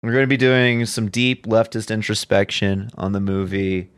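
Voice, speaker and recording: A man co-hosting a laid-back podcast. His voice sits low, and his deadpan delivery is recorded dry and close, with no room sound. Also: normal speed, smooth, no echo. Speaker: podcast co-host. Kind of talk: casual podcast chat.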